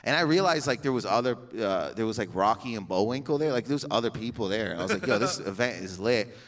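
A man's voice: lowish voice, lively intonation, quick pace, a bit bright. Rambling, laughing young man telling a story. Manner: rambling, laughing often, swears freely. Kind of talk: comedic storytelling.

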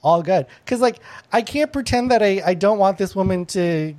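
Female panel host, mid-pitched, blunt and provoking, laughing through her takes. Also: expressive, normal speed, a little mellow. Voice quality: antagonistic, blunt, laughs often between lines. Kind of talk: casual comedic panel chat.

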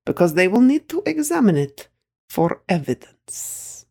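A woman's voice: mid-range voice, sing-song, measured pace, vocal fry, mellow, exaggerated voice. A woman voicing a frail, elderly Russian grandmother with a Russian accent who speaks broken English in solemn, suspicious pronouncements.

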